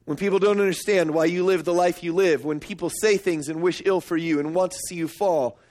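A middle-aged man preaching a sermon, emphatic and storytelling, swinging up to excited peaks. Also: a little fast. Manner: storytelling, emphatic, rising to high excited pitch. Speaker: pastor.

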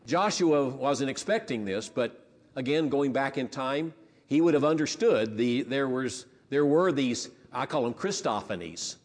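A man's voice: medium pitch, lively intonation, measured pace, big-room sound. A pastor preaching a sermon in a conversational way, often restarting his phrases.

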